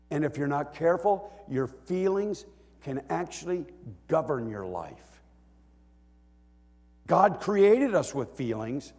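A man preaching a sermon as a pastor, swinging from quiet talk to loud bellowing as he acts out a psalm writer's cries. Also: fairly high pitch, long reverb tail.

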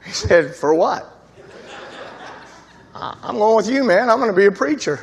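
Lively high-voiced man preaching in a hall. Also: normal speed, creaky. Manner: lively storyteller acting out quoted voices, often laughing. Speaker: preacher giving his testimony. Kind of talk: storytelling sermon.

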